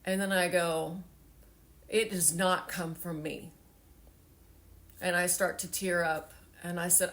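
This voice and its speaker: A woman's voice: fairly low pitch, flat delivery, slow pace, pauses often, fairly bright tone. A woman in her forties telling a personal story in a heartfelt, rambling way with many fillers, tearful at times. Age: 40s. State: tearful, emotional.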